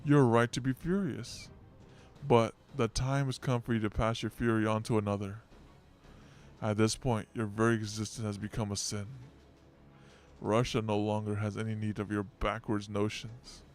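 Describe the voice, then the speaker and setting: A man voicing a cold, scheming priest in a game story, reading in a cool, measured way. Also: lowish voice, level tone, soft background music, natural voice. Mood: coldly menacing.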